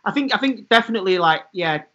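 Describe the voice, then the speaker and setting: A man's voice: sits high, animated, quick pace, sharp tone. A man co-hosting a podcast, telling stories in a jokey casual way. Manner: jokey, laughs often. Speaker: podcast co-host. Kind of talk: casual chat. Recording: dull lo-fi sound.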